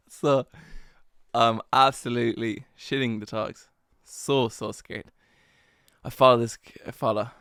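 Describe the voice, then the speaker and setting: A man's voice: medium pitch, measured pace, creaky, pauses often, a bit bright, no room sound, clean studio sound. A young man hosting a solo podcast, telling a story in a rambling, self-mocking way with lots of slang and fillers. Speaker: podcast host.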